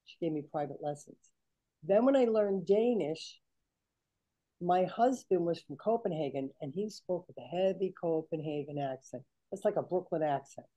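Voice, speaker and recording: An older woman telling stories in a casual, animated chat, acting out the people she quotes. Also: fairly low pitch, normal speed, low-quality recording. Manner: animated, chatty, acts out quoted voices. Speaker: guest.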